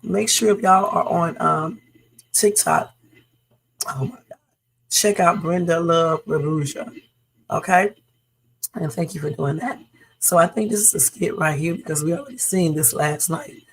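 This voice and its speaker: A woman's voice: lowish voice, unhurried, vocal fry, pauses often, breathy edge, low-quality recording. A woman hosting a casual reaction livestream in her morning voice, chatty and loose. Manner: chatty, loose, with fillers and Southern-style talk. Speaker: reaction streamer.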